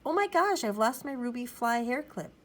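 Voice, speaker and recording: A woman reading aloud, voicing an excitable, ditzy young film star in a children's storybook. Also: on the high side, normal speed, voice pushed up. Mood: gushing.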